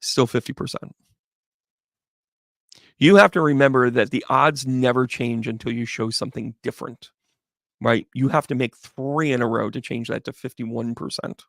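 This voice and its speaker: A man's voice: mid-range voice, normal speed, vocal fry, fairly bright tone, no room sound, studio quality. A man giving a chatty, upbeat live tarot reading, talking straight to viewers by name. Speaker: tarot reader.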